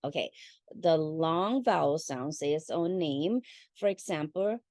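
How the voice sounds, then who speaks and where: A woman's voice: low voice, lively intonation, slow pace, a little mellow, dry recording. A woman teacher giving a parent workshop in a chatty way, with fillers and check-ins. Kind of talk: casual instructional talk.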